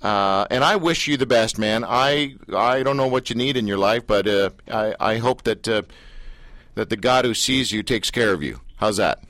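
A man's voice: on the low side, normal speed, a bit bright, no echo. A male radio show host asking rambling, joking questions in a casual interview.

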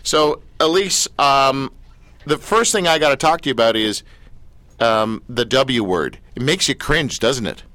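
A man hosting a talk show, asking questions in a playful, animated way. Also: mid-range voice, measured pace, no room sound.

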